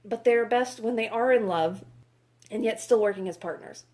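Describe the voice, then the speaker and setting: A woman's voice: a little high, normal speed, darkish tone. A woman reviewing books in a casual vlog, exasperated, sarcastic and swearing freely. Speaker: book reviewer.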